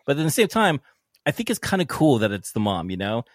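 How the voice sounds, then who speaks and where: A man's voice: medium pitch, big pitch swings, fairly quick, no room sound, clean studio sound. A man co-hosting a casual film review chat, talking emphatically and swearing often. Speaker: podcast co-host.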